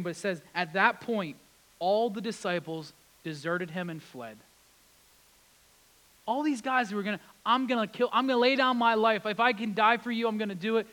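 A man preaching a sermon, retelling scripture with lively acted-out quotes. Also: high-pitched, low-quality recording. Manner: animated, acts out quotes with rising intensity. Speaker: pastor.

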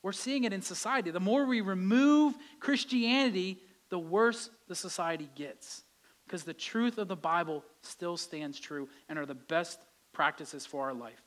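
A man's voice: high-pitched, a little slow, a bit bright. A male pastor giving a conversational sermon, his voice rising with emphasis at key points.

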